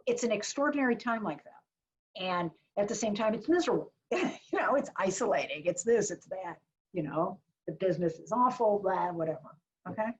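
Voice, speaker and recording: A woman's voice: mid-range voice, lively intonation, normal speed. A woman marketing advisor giving a chatty, blunt webinar talk full of jokes and asides over a video call. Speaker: small business marketing advisor. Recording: dull lo-fi webinar audio.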